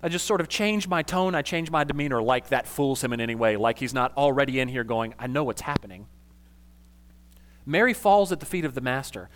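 Lively, casual male pastor preaching. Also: medium pitch, fast talker, few pauses, slight background noise. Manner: casual and animated, with slang asides. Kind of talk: conversational sermon.

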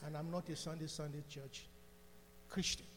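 A man's voice: a little high, level tone, moderate pace, fairly bright tone, long reverb tail, a little hiss or hum. An older man with an African accent giving a fervent testimony to a church congregation. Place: church sanctuary.

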